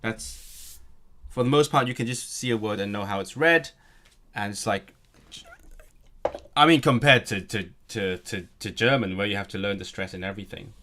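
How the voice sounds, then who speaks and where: A man with a lowish voice chats on a live stream. He rambles, restarts his sentences often and keeps an easy, casual flow. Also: moderate pace, pushed and bright. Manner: rambling, chatty, many restarts. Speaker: language streamer.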